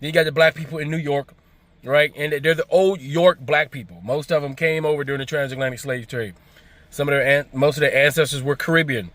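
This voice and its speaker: A man's voice: a little high, fairly even intonation, brisk, a bit bright, no room sound. A man with an African American accent, hosting his own channel and giving his opinion in a loose, emphatic, conversational way with frequent restarts. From United States. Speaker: host. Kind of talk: casual commentary to camera.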